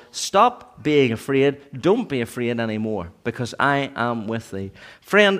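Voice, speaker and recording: Earnestly, a man preaches a sermon in church. Now and then he builds to a forceful peak, and afterward his voice drops low.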